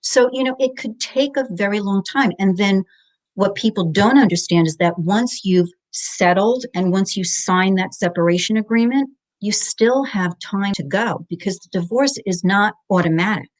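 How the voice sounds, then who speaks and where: A woman's voice: medium pitch, moderate pace. Woman explaining finances methodically. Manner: methodical, explains jargon step by step. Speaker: divorce financial analyst guest. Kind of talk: explanatory interview talk.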